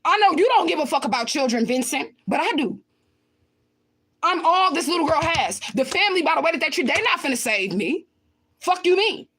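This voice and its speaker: A woman's voice: sits high, very animated, brisk, a bit bright. A woman livestreaming and answering viewer comments in a blunt, confrontational way, swearing often and repeating her points for emphasis. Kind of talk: casual livestream talk.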